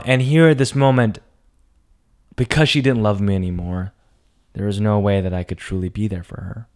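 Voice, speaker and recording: A young man telling a personal story dramatically, swinging between hushed lines and emphatic, profane outbursts. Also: on the low side, moderate pace, long pauses.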